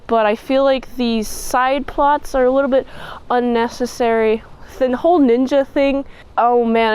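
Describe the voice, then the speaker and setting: A woman's voice: on the high side, a little mellow, clear, resonant tone, low-quality recording. A woman giving a chatty, playful movie review outdoors in cold wind, shivering as she talks. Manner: chatty, gushing, playful asides.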